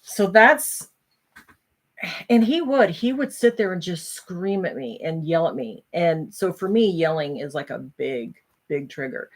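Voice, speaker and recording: A woman vlogger candidly sharing a personal story, speaking earnestly with halting pauses. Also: on the low side, expressive. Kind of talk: candid personal talk and poem reading.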